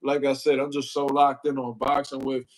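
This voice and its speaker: In a completely flat, medium-pitched voice at normal speed, a man hosts a casual boxing livestream on a rough recording with a little hiss or hum. He rambles in profane slang, greets chat, fills gaps with "you know what I mean," and moves his desk mic closer.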